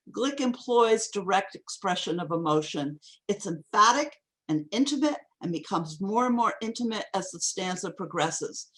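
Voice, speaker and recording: A woman giving a craft talk on poetry over a video call, reading lines aloud slowly and deliberately. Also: mid-range voice, a bit bright. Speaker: poetry workshop teacher. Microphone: video call microphone.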